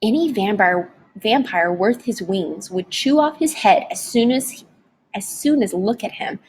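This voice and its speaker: A woman narrating a novel chapter aloud in a dramatic, expressive audiobook reading. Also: mid-range voice, unhurried, slight background noise. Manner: dramatic, varied storytelling delivery.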